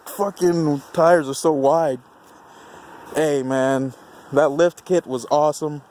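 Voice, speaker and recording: A man's voice: a little high, steady tone, slow pace, a little mellow, a little hiss or hum. A man filming outdoors at night on a handheld camera, giddy and swearing, laughing often between remarks. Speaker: vlogger filming a burnout. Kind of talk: excited casual commentary.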